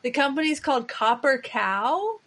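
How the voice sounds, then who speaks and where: A woman's voice: high voice, sing-song, moderate pace, a bit bright. A woman co-hosting a podcast in casual chat, rambling with frequent restarts and fillers. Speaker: podcast co-host.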